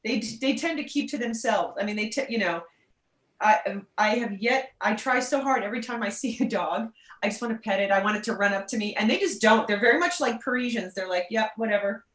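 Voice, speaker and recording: Animated woman in an echoey room. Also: mid-range voice, a little fast. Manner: animated, acts out quoted voices, laughs often. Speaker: tour guide. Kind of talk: casual chat.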